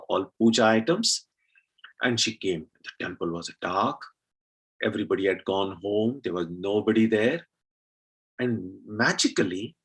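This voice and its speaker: A man from India telling a devotional story at a temple celebration, unhurried, with frequent fillers. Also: on the low side, a bit bright, slightly rough, rough recording.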